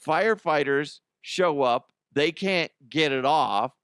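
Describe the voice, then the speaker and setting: A man's voice: a little high, expressive, slow pace, a bit bright, clear, resonant tone, no echo, studio quality. A middle-aged man hosting a comedic news show, rambling, laughing often and making crude jokes. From Colorado, US. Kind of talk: casual comedic news commentary. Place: studio.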